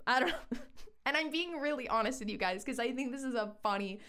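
A young woman hosting a podcast, telling a story in an animated, self-mocking, slangy way. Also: fairly high pitch, brisk, clean tone. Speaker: podcast host. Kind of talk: casual storytime.

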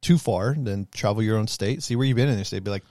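A man's voice: lowish voice, quick pace, a little mellow, no room sound. A man in his thirties telling stories in casual, profane chat and acting out quotes as he goes. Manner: profane, storytelling, acts out quotes.

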